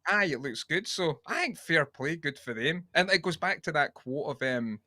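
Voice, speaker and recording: A man's voice: fairly high pitch, expressive, moderate pace, sharp tone, no room sound. A Scottish man co-hosting a podcast, rambling and sweary in casual chat. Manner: rambling and sweary, with many restarts. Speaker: podcast co-host.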